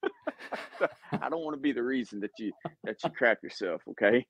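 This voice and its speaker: A man who is a police officer, telling stories from his arrests in an animated, casual chat and laughing often. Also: medium pitch, moderate pace, no echo.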